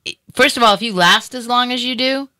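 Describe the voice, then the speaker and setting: A woman's voice: fairly high pitch, fairly quick, bright, forceful tone, no echo. A woman hosting a talk show, chatting casually with a guest in a rambling way with many fillers. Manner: chatty, rambling, lots of "you know". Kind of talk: casual interview chat.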